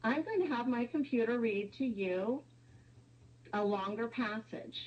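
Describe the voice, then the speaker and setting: A woman's voice: a little high, unhurried, muffled recording. A woman presenting a webinar, explaining step by step with some fillers.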